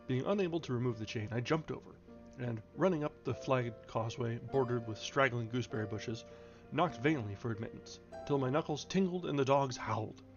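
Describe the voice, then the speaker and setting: Casting: male stream reader, measured delivery with small stumbles, slightly dull lo-fi audio. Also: medium pitch, music in the background. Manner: measured reading with occasional stumbles and restarts. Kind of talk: reading a classic novel aloud on a stream.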